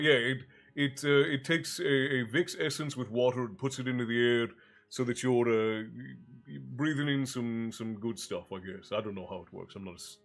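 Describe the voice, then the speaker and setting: A congested man hosting a livestream story hour, chatting loosely with viewers by name and stopping mid-phrase before he reads from a fantasy novel. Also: medium pitch. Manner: rambling and self-interrupting, greets viewers by name. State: congested, low on breath. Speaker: stream host and storyteller. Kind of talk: casual chat with a live chat, then reading a fantasy novel aloud. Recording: soft music underneath.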